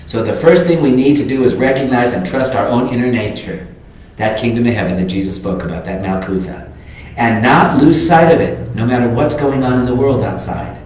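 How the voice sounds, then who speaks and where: A man's voice: medium pitch, brisk, a little mellow, a little hiss or hum. An older man giving a reflective, earnest sermon as a minister, reading quotes aloud. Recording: very echoey sanctuary.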